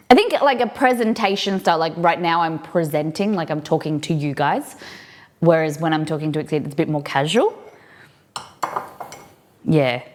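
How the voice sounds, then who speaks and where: Aussie woman cooking on stream, kinda low voice, chatting back to chat. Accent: Australian. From Australia. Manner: chatty, answers viewers' comments between cooking steps.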